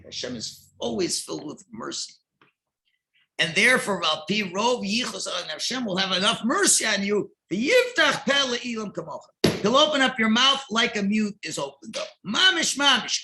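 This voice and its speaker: Male rabbi teaching text class, high lively gravelly voice, bright tone, reads then translates, bursts of emphasis. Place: synagogue.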